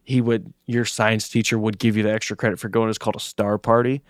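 A man's voice: on the low side, little pitch movement, quick pace, no echo. Rambling young man with a dry voice. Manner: rambling storyteller, swears a lot. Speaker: podcast co-host. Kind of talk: casual podcast chat.

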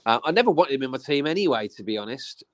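A man's voice: mid-range voice, very animated, quick pace, no room sound. Male podcast host, laid-back and teasing, dry close mic. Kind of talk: casual chat.

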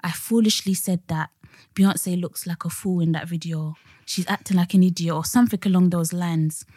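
A woman's voice: lowish voice, normal speed, no room sound, clean studio sound. A young woman co-hosting a podcast, telling stories in casual chat full of slang. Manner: animated storytelling with slang and laughter. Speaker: podcast co-host.

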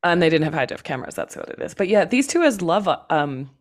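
A woman co-hosts a casual film podcast with a low, dusky voice. She rambles through her thoughts in quick, chatty bursts. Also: sing-song. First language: not American. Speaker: podcast co-host.

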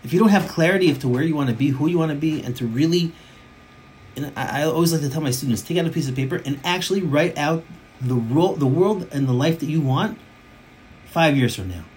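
A man's voice: fairly high pitch, a little fast, a little mellow, slight background noise. A man teaching a Torah class as a rabbi, emphatic, often repeating phrases for stress and mixing in Hebrew and Yiddish terms.

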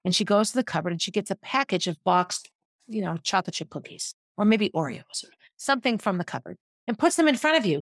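A woman's voice: mid-range voice, animated, quick pace, no echo, studio quality. A woman, a former teacher, telling a personal story in a vivid, descriptive way that walks listeners through a scene.

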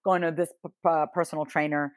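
A woman in her thirties, a therapist and podcast guest, telling stories in casual interview chat and acting out quoted lines with lively swings. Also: sits low, fast. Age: 30s. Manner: animated storyteller who acts out quoted dialogue, swears casually.

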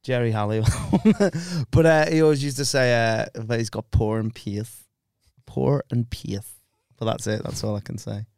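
A man's voice: mid-range voice, normal speed, few pauses, a little mellow, clear, resonant tone, no room sound, clean studio sound. A man, a stand-up comedian guesting on a podcast, chatting casually, rambling, swearing freely and laughing often. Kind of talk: casual banter.

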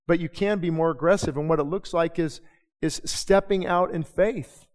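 A man preaching a sermon as pastor, talking conversationally with quick asides and rhetorical questions to his congregation. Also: on the high side. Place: church sanctuary. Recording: long reverb of a church hall.

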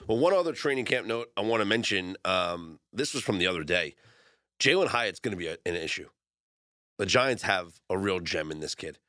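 Animated man joking on sports radio. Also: sits low, moderate pace, dry recording, studio quality. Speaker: sports talk show host. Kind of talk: casual sports talk.

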